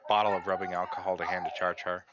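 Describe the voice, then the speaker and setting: A man's voice: low voice, flat delivery, fast, noisy background. A man playing a tabletop role-playing game, describing his character's actions in a plain, matter-of-fact way. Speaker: player. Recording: dull lo-fi mic with chatter behind.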